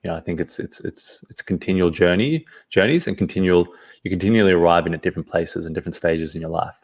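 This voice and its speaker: A man, a podcast guest, telling a personal story in an earnest, halting way, often restarting his phrases. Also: sits low, a little mellow, breathy edge.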